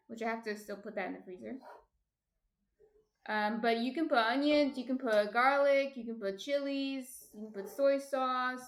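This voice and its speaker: Chatty woman hosting a cooking stream. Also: fairly high pitch. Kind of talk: casual cooking livestream chat.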